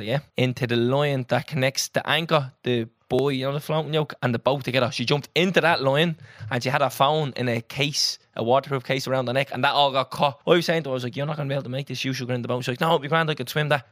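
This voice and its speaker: A young Irish man co-hosting a podcast, telling a story in an animated, sweary, casual way. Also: mid-range voice, fast talker, no room sound, clean studio sound. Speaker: podcast co-host. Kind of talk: casual chat.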